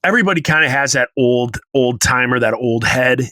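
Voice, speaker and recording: A man's voice: mid-range voice, a little fast, pushed and bright, dry recording. A man in his forties telling a rambling story in casual chat as podcast co-host, now and then humming bits of a tune. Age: 40s. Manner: rambling storyteller, hums snippets of tunes.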